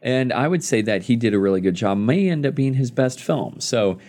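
A man hosting a podcast in casual chat, playful and quick to laugh. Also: mid-range voice, expressive, darkish tone. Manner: playful, laughs often, trails off mid-thought. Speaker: podcast host.

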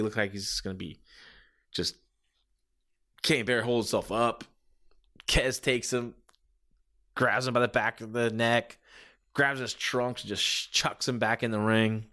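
A man's voice: mid-range voice, fairly even intonation, unhurried, long pauses, sharp tone. A man hosting a podcast, giving a casual rambling review full of filler phrases and restarts. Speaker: podcast host.

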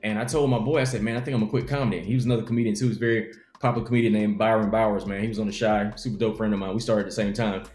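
A man's voice: fairly low pitch, rapid-fire, few pauses, reverberant, soft background music. A young adult man, a comedian, telling his life story in an interview and acting out the people in it. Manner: animated storyteller acting out quotes.

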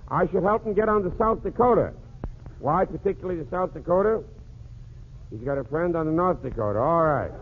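A man's voice: fairly high pitch, lively intonation, a little fast. A man hosting a 1940s radio comedy show, cracking jokes through a one-sided phone call. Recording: tinny old radio broadcast with faint hiss.

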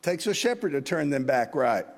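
High-voiced preacher in reverberant church. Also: male voice, sing-song, moderate pace. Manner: earnest, conversational, asks the congregation questions. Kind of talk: sermon. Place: church sanctuary.

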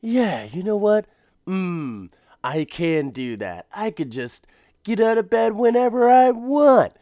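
A man's voice: sits high, very animated, takes it slowly, warm tone, dry recording, clean studio sound, voice pushed up, full character voice. A man putting on a grouchy retired old man who rants in a thin, strained voice pushed far above the speaker's own register. The tone is nasal and tight, with the grumbling of someone fed up with everything. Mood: smug. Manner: ranting and grumbling. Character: grumpy retired old man, loud and cranky.

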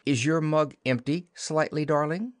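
A man's voice: a little high, measured pace, dry recording, clean studio sound, pitched above the performer's own voice, lightly acted. A man doing a prim little mother-girl. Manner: scolding, proper. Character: prim girl playing a fussy young mother.

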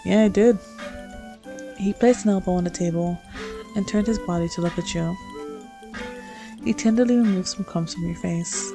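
A woman reading her own second-person fanfic aloud in a soft, unhurried storytelling manner. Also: lowish voice, over music, low-quality recording. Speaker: fanfic reader.

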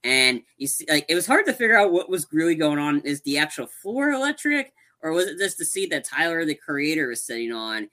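A podcast co-host with a fairly high, sharp, expressive voice talks a little fast with few pauses. He rambles animatedly through a casual movie recap, restarting his sentences many times.

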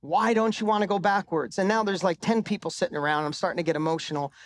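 A fast-talking middle-aged man with a voice that sits high gives a live motivational talk into a microphone on stage. Telling a personal story, he swears with emphasis and lets his voice climb for punchlines.

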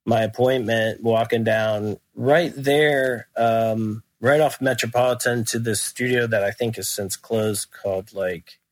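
A man's voice: mid-range voice, fairly even intonation, measured pace, few pauses, no room sound. Rambling man telling stories, laughing. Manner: rambling, laughs while telling anecdotes, swears. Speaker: guest musician. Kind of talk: casual interview storytelling. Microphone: remote call.

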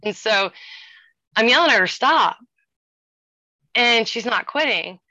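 A woman in her forties casually telling a ghost story, animated and acting out the voices of the people in it. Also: on the high side, moderate pace, dry recording. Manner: animated, acts out quoted voices. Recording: dull lo-fi sound.

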